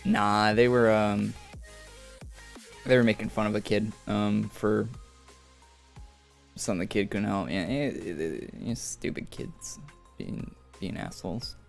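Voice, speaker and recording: A man's voice: fairly low pitch, measured pace, creaky, long pauses. A young man streaming a game, rambling through school stories in casual chat. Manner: rambling storytelling with laughs. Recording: faint music behind.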